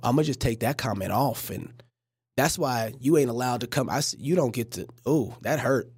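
A woman hosts a casual livestream and reacts to a clip with joking, preachy asides. Her voice swoops up and down over a wide, animated range. The sound is close and dry, with little room to it. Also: a bass voice, normal speed, husky, dry recording. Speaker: livestream host.

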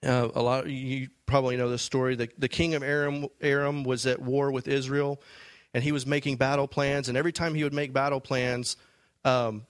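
A man's voice: medium pitch, flat delivery, normal speed, no echo. A man giving a sermon, reading scripture and explaining it in a loose, conversational way with frequent restarts. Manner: conversational, many restarts and fillers. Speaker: preacher.

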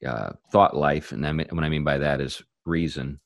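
A man hosting a casual discussion, tentatively thinking out loud. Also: extremely low pitch, normal speed, vocal fry, no room sound, clean studio sound.

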